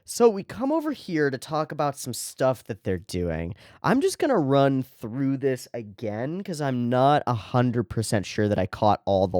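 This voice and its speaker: A man's voice: medium pitch, darkish tone, no room sound, studio quality. A man hosting an anime reaction show, talking through an episode in casual commentary, enthusiastic, swearing freely and often restarting his sentences.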